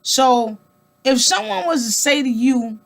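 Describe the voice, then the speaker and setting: A woman vlogger with a high, gravelly, animated voice speaks without hurry, straight to her viewers. Her casual monologue is emphatic and colloquial, with repeated words for emphasis, rhetorical questions, and rambling restarts as she builds toward her point.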